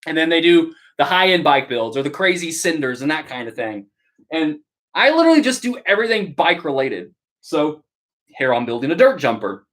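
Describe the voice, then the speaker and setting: A woman hosts a relaxed live stream, chatting to her viewers as she builds a bike. Her voice sits low, yet it rises and falls in a lively way. She teases, rambles and laughs often. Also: a little fast. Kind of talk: casual live-stream chat.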